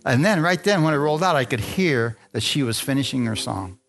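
A man's voice: medium pitch, animated, a little fast, a bit bright. A man preaching, telling a personal story to a congregation and acting out the dialogue in it. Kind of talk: sermon testimony.

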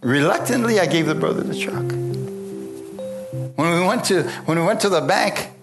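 A man's voice: on the high side, lively intonation, moderate pace. Guy preaching, folksy story, keeps asking isn't that right, guitar music going. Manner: folksy, storytelling, asks the crowd for agreement. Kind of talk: sermon testimony.

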